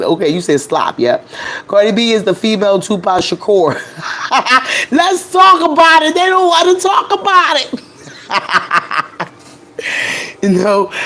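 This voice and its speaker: A woman with a nasal voice hosting a live stream of casual celebrity gossip, brash and profane, laughing often. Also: mid-range voice. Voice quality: nasal, allergy-stuffed voice.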